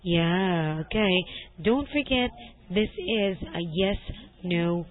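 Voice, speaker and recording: Slow, patient woman tutor on a call. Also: medium pitch, expressive. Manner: patient, corrects gently, laughs often. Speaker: English tutor. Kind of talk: online one-to-one language lesson. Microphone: video call. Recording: tinny call audio.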